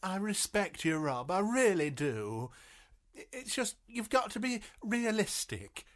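A woman's voice: medium pitch, very animated, measured pace. A pragmatic female agent talks her client down in a radio sitcom. She is blunt but coaxing, and her voice rises and falls a lot. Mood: frank.

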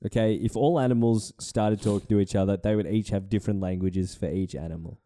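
A man's voice: fairly low pitch, steady tone, mellow. A man in a casual podcast chat who jokes around and gives blunt opinions. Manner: jokey, blunt, quick to mock.

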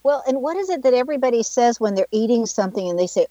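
A woman hosting a radio talk show, chatty and quick to laugh, telling stories from her own life. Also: a little high, expressive, mellow, no echo. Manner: chatty, tells personal anecdotes, laughs easily. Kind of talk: casual radio interview. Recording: dry, dull lo-fi studio sound.

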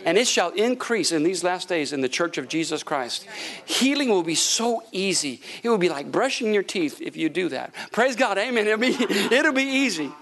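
A middle-aged male pastor preaching a sermon to a congregation, swinging from hushed asides to shouted praise and telling stories with quoted dialogue. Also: sits high, sing-song, normal speed. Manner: tells a story with quoted dialogue. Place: church sanctuary before a congregation.

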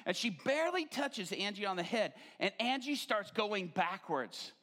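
A pastor with a high, very lively voice tells a story from the pulpit and plays it for laughs. His pitch climbs and drops as he acts out each person in the tale. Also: moderate pace. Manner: animated, acts out quoted voices. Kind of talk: humorous sermon storytelling.

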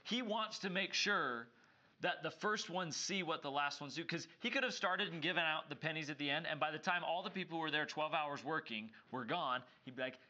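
A man's voice: on the high side, brisk. A man co-hosting a casual scripture discussion, a seminary teacher who acts out the voices in the stories he tells. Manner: animated storyteller who acts out dialogue. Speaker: podcast co-host and seminary teacher.

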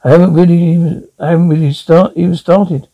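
An actor playing an irritable retired husband who grows coldly menacing. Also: male voice, fairly high pitch, fairly quick, lo-fi sound. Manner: irritable, then calm and creepy. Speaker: retired husband turned taxidermist.

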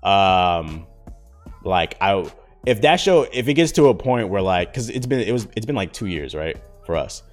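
A man's voice: deep voice, big pitch swings, moderate pace, faint music behind. A man around thirty talking in slangy casual chat as a podcast host, rambling with lots of fillers. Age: 30s.

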